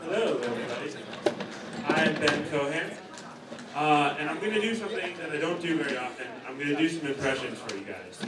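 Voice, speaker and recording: A young man doing a stand-up comedy set, offhand and deadpan with rambling asides. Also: on the high side, brisk, far from the mic, over a noisy crowd. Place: comedy stage in a hall. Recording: echoey hall, mic heard from afar.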